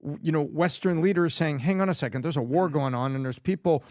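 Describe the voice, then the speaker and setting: A man's voice: on the high side, brisk, no echo, studio quality. A man giving indignant, emphatic political commentary in a played clip.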